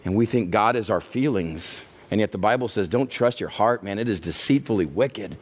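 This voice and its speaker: A middle-aged male pastor preaching a sermon, acting out the inner voices he hears and building to a loud, passionate close. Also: lowish voice, expressive, moderate pace, hardly any pauses.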